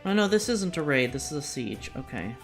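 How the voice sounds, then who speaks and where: A woman streamer giving live commentary as she plays, chatty and thinking out loud, with jokey self-deprecating asides. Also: sits low, big pitch swings, brisk, faint music behind. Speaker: VTuber streamer.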